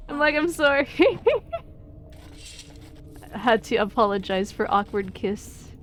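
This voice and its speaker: A woman's voice: fairly high pitch, slight background noise. A young woman streamer chatting casually over gameplay, giggly and self-deprecating.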